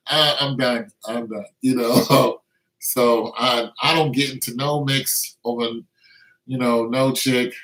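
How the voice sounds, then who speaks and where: A man's voice: mid-range voice, huge pitch swings, takes it slowly, sharp tone. Man in his fifties, boastful. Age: 50s. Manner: boastful, slang-heavy, laughing while telling. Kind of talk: casual storytelling. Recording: roomy, distant from the mic.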